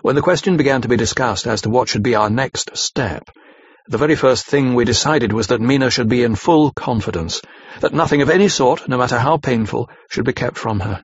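List: male narrator, husky voice, measured reading, dry close sound, slightly dull lo-fi recording. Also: mid-range voice, dry recording. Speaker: audiobook narrator. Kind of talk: scripted narration of a classic novel.

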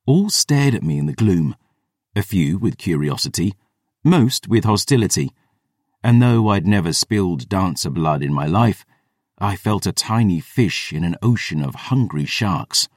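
Deep-voiced male audiobook narrator. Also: animated, darkish tone, dry recording, studio quality. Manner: measured, descriptive storytelling. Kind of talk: scripted first-person fantasy narration.

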